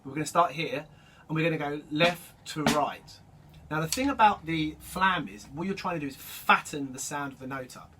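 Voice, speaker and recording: A man teaching drum rudiments, explaining each stroke in a relaxed way and calling out the stickings as he plays. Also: a little high, moderate pace. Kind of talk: instructional demonstration. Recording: distant mic with loud drum noise.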